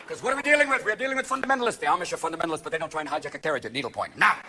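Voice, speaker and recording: A man doing a stand-up comedy routine, manic, swinging between shouts and hushed asides, recorded live on stage. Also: a little high, animated, very fast, slight background noise.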